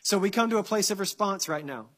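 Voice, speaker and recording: A man's voice: sits high, animated, fast, a bit bright. A male pastor preaching a sermon that ends in prayer, earnest and building to impassioned emphasis with repeated phrases.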